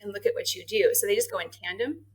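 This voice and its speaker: A middle-aged woman speaking as a guest in a casual interview. She tells her story in an animated way, slips into the voices of the people she quotes and laughs easily. Her voice sits in an ordinary middle pitch for a woman. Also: fast, husky, rough recording. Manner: animated, acts out quoted dialogue, laughs often. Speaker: marketing and HR head, podcast guest.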